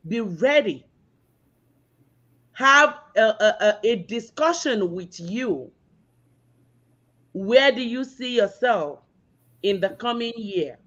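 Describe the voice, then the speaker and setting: A woman giving a slow, encouraging motivational message that repeats its key words, over lo-fi call audio. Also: a little high, animated, fairly bright tone. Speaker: guest speaker. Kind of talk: motivational talk.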